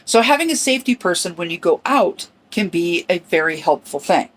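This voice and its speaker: A middle-aged woman hosting a personal podcast, speaking earnestly and reflectively in short, halting phrases. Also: fairly low pitch, animated. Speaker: podcast host.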